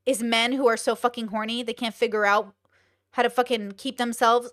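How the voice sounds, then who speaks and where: A woman's voice: on the high side, fairly even intonation, normal speed, fairly bright tone, no room sound, clean studio sound. Blunt, swearing young woman streamer. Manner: blunt, profane and exclaiming; fires off rhetorical questions. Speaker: streamer host. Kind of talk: casual live-stream commentary.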